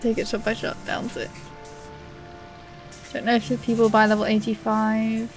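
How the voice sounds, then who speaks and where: A woman's voice: fairly high pitch, completely flat delivery, normal speed, music in the background. A woman streaming a game, chatting casually and giggling with viewers. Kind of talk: casual chat.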